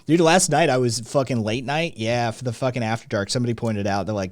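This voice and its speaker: A man with a Southern Tennessee accent talks loosely and swears at nearly every turn, hosting a casual podcast chat. His voice sits at an ordinary middle pitch. The recording is close and dry, with no room sound. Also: fast, no echo. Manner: swears constantly, animated. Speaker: podcast host.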